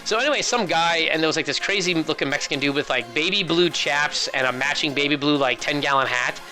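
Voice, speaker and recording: A male esports caster chats casually, drifting into rambling, joking stories. His voice is bright and sits a little high, with faint music behind. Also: quick pace. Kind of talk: casual chat.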